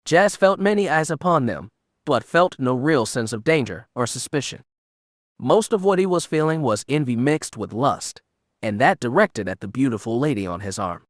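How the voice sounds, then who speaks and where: A man with a mid-range voice reads audiobook narration in an even, measured manner. It's scripted, studio-quality audio with no room sound.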